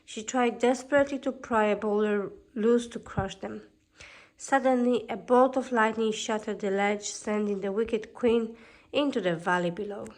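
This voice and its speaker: A woman narrating a fairy tale as a calm storybook reading. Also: mid-range voice, moderate pace.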